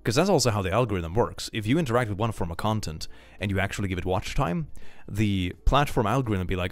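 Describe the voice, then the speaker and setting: A young man chatting casually on a livestream, reading viewer messages aloud, animated, laughing often and repeating phrases. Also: lowish voice, fast talker, few pauses, no echo. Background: faint background music.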